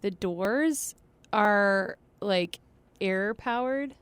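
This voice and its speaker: A woman singer and band leader, a little hoarse from losing her voice, chatting softly in a radio studio interview. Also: medium pitch, very slow, no room sound. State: hoarse from a lost voice. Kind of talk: casual interview chat.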